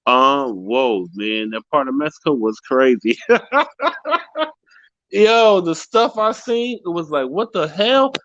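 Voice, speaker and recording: Man, halting talk, dry lo-fi recording. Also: a little high, expressive, a bit bright, no echo. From United States. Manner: halting, repeats words, searches for words. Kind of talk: casual chat.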